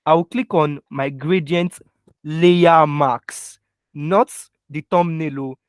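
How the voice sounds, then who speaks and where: A man's voice: fairly high pitch, fairly even intonation, slow pace, clean tone, dry recording. A young man teaching a live online design class through a computer mic, often checking that students are following and spelling out keyboard shortcuts step by step. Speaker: design instructor. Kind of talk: live online software tutorial. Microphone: computer mic with keyboard taps heard.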